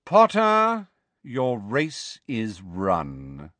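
A man's voice: mid-range voice, big pitch swings, fairly bright tone, no room sound, heavily acted. A man doing a cold, drawling aristocrat. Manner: slow drawl, sneering.

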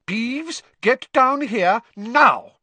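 A man's voice: extremely high pitch, animated, slow, no room sound, pitched above the performer's own voice, heavily acted. Stern barking schoolmistress, as a man puts her on. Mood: stern shouting. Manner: sharp, barking commands. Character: stern older woman schoolteacher, commanding. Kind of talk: audiobook character voice.

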